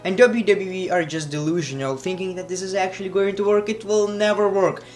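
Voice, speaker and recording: A man's voice: high voice, steady tone, a little fast, a little mellow, soft background music. A man reviewing wrestling in a blunt, sarcastic, profane way, casual vlog style.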